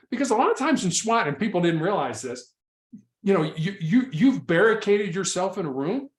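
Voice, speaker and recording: Man, ex-SWAT negotiator, storytelling, repeats and restarts words, slightly high voice, roomy echo. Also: big pitch swings, normal speed. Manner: frequent repetitions and restarts. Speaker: former SWAT hostage negotiator. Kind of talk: conversational interview storytelling. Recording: echoey room.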